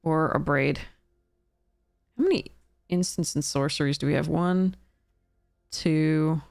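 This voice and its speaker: A woman's voice: low voice, fairly even intonation, takes it slowly, gravelly, a little mellow, no room sound, studio quality. A woman streaming a card game draft, thinking aloud in casual commentary and laughing at her own mistakes.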